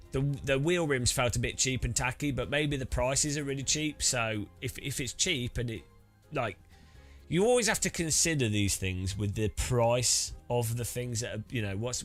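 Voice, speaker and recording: A man's voice: mid-range voice, fairly bright tone. A British man chatting casually while setting up racing gear, rambling with many restarts. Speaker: sim racing streamer.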